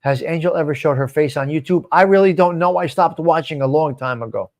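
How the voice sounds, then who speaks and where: Man, live stream host, casual rambling chat, answers commenters, swears, slightly high voice. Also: a little fast, a little mellow.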